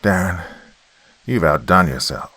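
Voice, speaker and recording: A relaxed, friendly male military officer chats with his team, as a deep-voiced man reads his lines. The voice sits extremely low. It belongs to a horror story reading. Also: a little slow, breathy edge, dry recording, heavily acted.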